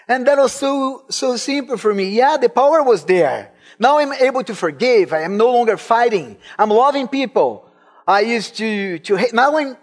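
A man from Brazil, not an English speaker, preaching a sermon and telling his own story with growing fervor. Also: sits high. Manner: personal testimony, rising to fervent emphasis.

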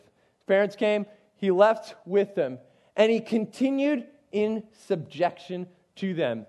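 A youth pastor explains a Bible passage in a relaxed, chatty way, often turning aside to talk straight to his listeners. His voice sits notably high for a man. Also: takes it slowly. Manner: conversational, digressive, frequent asides to listeners. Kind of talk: casual Bible teaching.

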